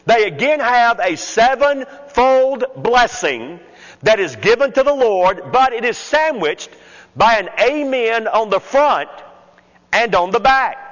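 A man preaching a sermon, working slowly and deliberately through the text point by point. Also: high-pitched, a bit bright. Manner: slow, deliberate expository preaching with counted points. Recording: muffled sound with long hall reverb.

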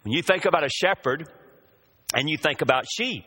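A man's voice: on the high side, expressive, fairly quick, sharp tone, husky. A man preaching a sermon, drawing out the scripture quotes with emphasis.

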